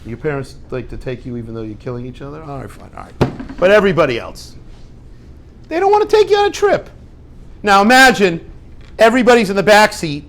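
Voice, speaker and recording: A man giving an informal Torah talk to a group, lively and conversational, acting out little dialogues and dropping Hebrew and Yiddish words. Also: fairly high pitch, a little fast, slight background noise. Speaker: rabbi teaching a class.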